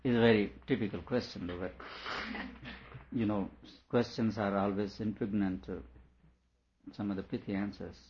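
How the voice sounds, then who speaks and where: A male teacher giving an explanatory lecture on a scripture, repeating each question aloud before patiently explaining it, with quiet chuckles along the way. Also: fairly low pitch, fairly even intonation, normal speed, long pauses, slight background noise. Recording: dull lo-fi recording.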